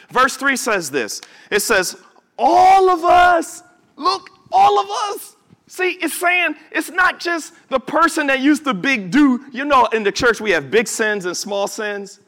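High, lively-voiced male preacher. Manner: emphatic, with drawn-out words and sudden shouts; conversational asides to the congregation. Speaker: pastor. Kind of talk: sermon. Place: church service before a congregation.

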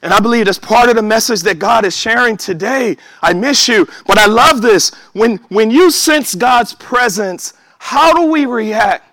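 A man preaching a sermon, animated, swinging from loud exhortation to hushed asides. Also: high voice, a little slow, few pauses, dry recording.

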